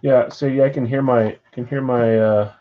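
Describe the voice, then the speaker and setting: A man's voice: mid-range voice, steady tone, moderate pace, narrow, tinny audio. A man hosting a live card-break stream from home, chatting casually and reading viewer comments aloud. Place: house with a floor above.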